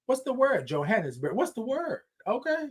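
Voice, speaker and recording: This morning-show streamer's voice is extremely high and slightly rough, swooping wildly in pitch at a moderate pace. He reads viewer comments, answers them call-and-response style, and keeps things upbeat with plenty of repetition and laughter.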